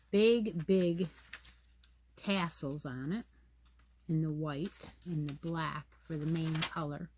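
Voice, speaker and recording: A woman hosting a casual yarn chat, reading pattern details aloud and musing to herself as she goes. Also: lowish voice. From United States. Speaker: crochet channel host.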